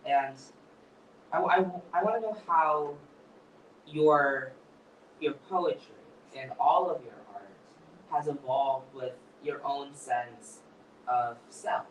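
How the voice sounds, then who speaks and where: A man interviewing a poet onstage, asking earnest, halting questions with frequent restarts. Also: medium pitch, echoey room, distant mic, highs cut off, a little hiss or hum.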